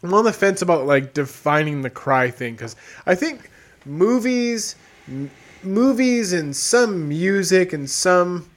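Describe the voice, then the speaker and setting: High-voiced man, hedging and reflective. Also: big pitch swings, slow pace. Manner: reflective, hedging, asks questions. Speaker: comedian co-host. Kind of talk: casual chat.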